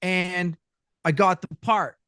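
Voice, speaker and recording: A middle-aged man from Canada tells stories from his career in a loose, conversational way. He keeps slipping into quick impressions of the people he quotes. His voice sits fairly high for a man and is recorded dry and close, with no room sound. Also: clear, resonant tone, no room sound. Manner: animated storyteller who acts out voices and quotes. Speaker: guest voice actor. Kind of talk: casual storytelling interview.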